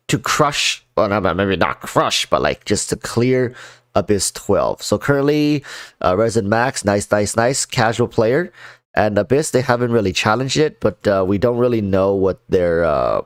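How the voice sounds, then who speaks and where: A man with a nasal, congested voice, chatting casually on a game livestream and often restarting his sentences. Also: fairly low pitch. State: congested sinuses. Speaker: game streamer.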